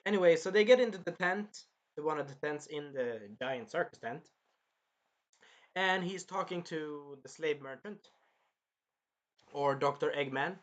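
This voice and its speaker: Animated man chatting about an anime. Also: a little high, unhurried, pauses often. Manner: animated, swearing, retells scenes in put-on voices. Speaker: anime reviewer. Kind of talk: casual chat.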